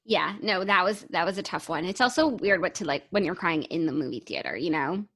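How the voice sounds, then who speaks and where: A woman's voice: fairly low pitch, expressive, a little fast, a bit bright. A woman co-hosting a podcast in casual, upbeat chat, often saying "like". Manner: chatty and upbeat, uses "like" often. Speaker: podcast co-host.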